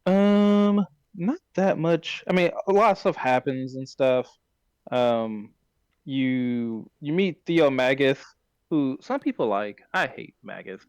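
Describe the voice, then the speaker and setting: A man of middle pitch chats casually as a podcast host, rambling through a recap and stopping to correct himself. His voice sits close and dry, with no room echo. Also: takes it slowly, darkish tone, clean tone. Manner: rambling, self-correcting retelling. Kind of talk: casual plot recap chat.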